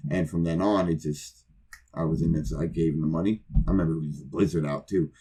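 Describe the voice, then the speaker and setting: Podcast co-host, low voice, casual swearing storyteller who plays every part of his anecdotes himself. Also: fairly even intonation, fast talker, dark tone, slightly rough. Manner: profane, rambling, acts out both sides of conversations.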